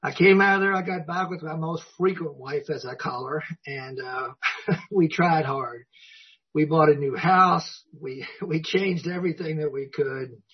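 A man's voice: a little high, a little slow, breathy edge. A man sharing his personal story at a recovery meeting, a folksy, self-mocking storyteller who chuckles often. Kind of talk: personal story told to an audience. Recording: dull lo-fi recording.

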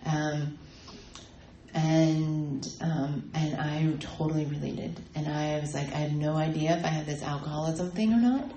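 A woman telling her personal recovery story at a meeting, halting and full of ums and restarts. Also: low-pitched, steady tone, mellow, reverberant, a little hiss or hum, low-quality recording. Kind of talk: personal testimony talk.

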